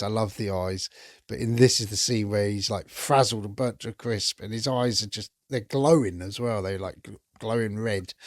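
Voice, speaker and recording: A man's voice: mid-range voice, dry recording, clean studio sound. A man hosting a podcast, chatting enthusiastically through a casual film review and swearing now and then. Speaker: podcast host.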